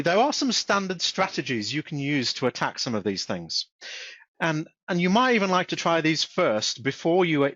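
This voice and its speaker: A man presenting a casual webinar on self-help. He often stumbles, repeats his words and restarts his sentences, and he reads example sentences in a flat voice. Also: medium pitch, dry recording. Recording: dull, dry close-mic recording.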